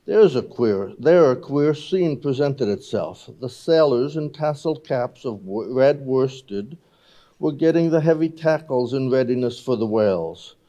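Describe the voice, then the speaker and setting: A man reads a classic novel aloud at a public marathon reading. His voice is mellow and mid-pitched, and he reads in a steady, plain way. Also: unhurried, lo-fi sound. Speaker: volunteer reader.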